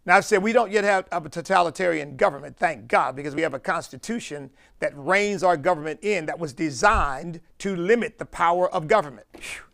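A man from the United States preaching a sermon as pastor, driving his points home with slow, emphatic stresses on key words. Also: a little high, gravelly, a bit bright.

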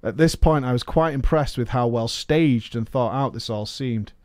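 A man's voice: mid-range voice, moderate pace, a little mellow, no room sound, studio quality. A man narrating a comedic story in a playful way, chuckling at his own telling.

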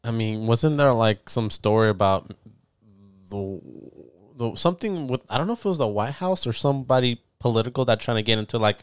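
A man's voice: medium pitch, expressive, a little fast, smooth, no room sound, clean studio sound. A young man co-hosting a casual podcast, laid-back and trailing off mid-thought. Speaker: podcast co-host. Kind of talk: casual chat.

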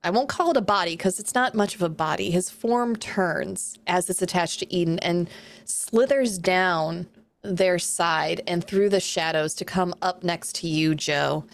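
A woman narrating as game master of a tabletop game, describing scenes in an unhurried, descriptive way. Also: fairly low pitch.

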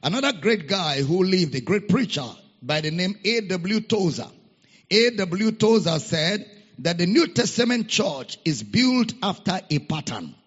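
A man's voice: on the high side, breathy edge. A man preaching a sermon as pastor, repeating his key phrases and calling for amens from the congregation. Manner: repeats key phrases, rousing call-and-response. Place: church auditorium. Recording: muffled echoey church hall.

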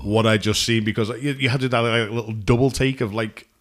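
A man's voice: mid-range voice, steady tone. A man with a Scouse accent, a taxi-driving podcast co-host chatting casually and teasing his partner. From Liverpool, England. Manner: chatty, quick to tease. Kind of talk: casual chat.

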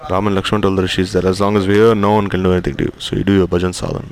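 A man's voice: low-pitched, little pitch movement, very fast. A man translating a spiritual discourse, retelling a scripture story and quoting each figure in turn. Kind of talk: religious storytelling lecture.

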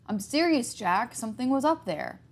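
A woman's voice: a little high, sing-song, normal speed, pitched above the performer's own voice. A woman voicing a frightened teenage girl who hisses her words tensely, reading a storybook-style horror tale. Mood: scared, insistent. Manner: tense, hissing.

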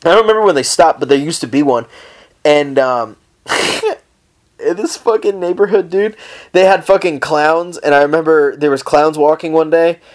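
A man's voice: a little high, normal speed. A young man hosting a casual solo podcast, rambling through stories with heavy swearing and frequent laughter. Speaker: podcast host.

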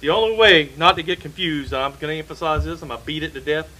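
A man's voice: fairly high pitch, expressive, fast talker, pushed and bright, low-quality recording. A man preaching a sermon in a church, emphatic and repeating key phrases for stress.

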